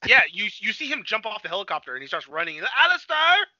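A man's voice: sits high, rapid-fire, no echo. A man co-hosting a movie review podcast, rambling through the plot in casual chat with lots of "like". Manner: rambling plot retelling full of "like", with animated quoted voices. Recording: slightly dull lo-fi, dry.

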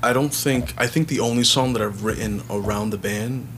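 A male singer-songwriter talks loosely about his songs in a relaxed, rambling interview manner. His voice sits at an ordinary mid pitch. A faint hum runs under the recording. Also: moderate pace. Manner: relaxed, rambling storyteller, acts out quotes. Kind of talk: casual interview chat.

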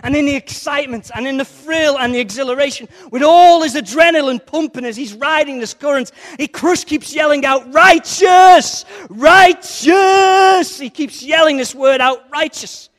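A man's voice: very high-pitched, fairly quick, hardly any pauses, fairly bright tone. A man preaching a sermon in a conversational, jokey way, with playful asides to the congregation. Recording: long reverb of a large hall.

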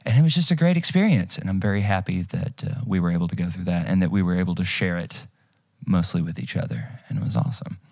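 A man's voice: low voice, level tone, fast, gravelly, a little mellow, no echo, studio quality. A man hosting a podcast, chatting casually and telling stories in an upbeat way. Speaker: podcast host.

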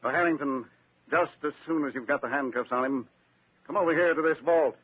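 Shrewd, measured district attorney, authoritative; husky, dry, narrow vintage radio sound. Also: male voice, fairly high pitch, dry recording. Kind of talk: 1940s radio acting.

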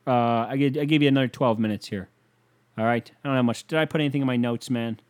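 A young man hosting a podcast alone, rambling through a profane, casual story and now and then breaking into loud whoops. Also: medium pitch, fast talker. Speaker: podcast host. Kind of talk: casual solo podcast rant.

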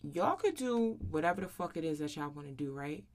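A woman's voice: low-pitched, very animated, fairly quick. Woman in her thirties, podcast host, casual solo monologue, blunt, slangy, swears freely. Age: 30s. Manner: blunt, profane and slangy, tags lines with "right?".

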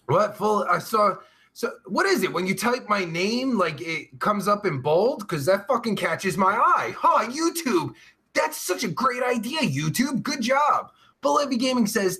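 A man talks casually on a live stream in a high, bouncy voice that swings all over. His tone is bright and sharp, and his talk is rambling and crude, heavy with filler words and swearing. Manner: drawn-out groaning sighs of pleasure. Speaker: live-stream show host reading chat.

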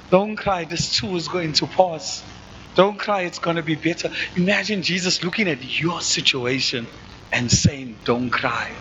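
A man's voice: sits high, bright, forceful tone, dull audio, a little hiss or hum. A man with a South African accent preaching a conversational sermon to his congregation, often checking that they follow along. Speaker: pastor.

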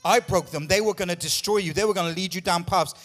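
A man's voice: sits high, fairly even intonation, fast, fairly bright tone. A man pastor preaching a sermon with emphatic, repetitive lines, out of breath at times.

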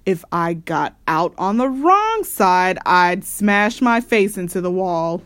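A woman's voice: lowish voice, sing-song, takes it slowly, a bit bright, clean tone, dry recording, heavily acted. A woman voicing a grouchy, rude young girl bear in a storybook read-aloud, with a whiny, demanding manner.

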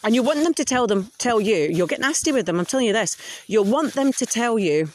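A woman's voice: on the high side, lively intonation, brisk, no echo. A woman hosting a podcast, talking frankly in a casual monologue and swearing freely. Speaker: podcast host.

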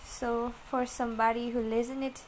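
A woman talking straight to her listeners in a personal, confessional monologue. She speaks softly and haltingly, repeats herself and searches for words. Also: fairly high pitch, flat delivery, slight background noise, low-quality recording. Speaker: vlogger.

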